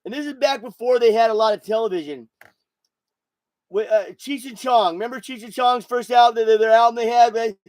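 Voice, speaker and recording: A man's voice: extremely high pitch, a little fast, a little mellow, no echo, low-quality recording. A man in his sixties hosting a podcast, rambling and swearing through a casual monologue while buzzed and intoxicated. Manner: rambling, profane, repeats himself. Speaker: podcast host.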